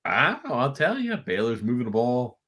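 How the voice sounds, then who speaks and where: A man co-hosting a casual college football watchalong, getting excitable as the game unfolds. His voice is bright and lively, swinging widely in pitch, with sudden high-pitched outbursts. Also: normal speed, breathy edge. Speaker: podcast co-host.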